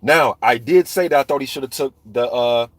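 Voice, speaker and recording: A man's voice: medium pitch, moderate pace, no echo. Male boxing streamer, fired-up and repetitive, talking to chat, mid-range voice, dry room. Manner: heated, profane, repetitive ranting; addresses viewers in a live chat. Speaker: boxing commentator. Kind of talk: ranting live stream commentary.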